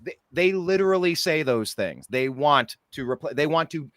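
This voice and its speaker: Animated male talk show host. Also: on the high side, normal speed, no echo, studio quality. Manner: animated, exasperated, mocking asides. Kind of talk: casual political talk show chat.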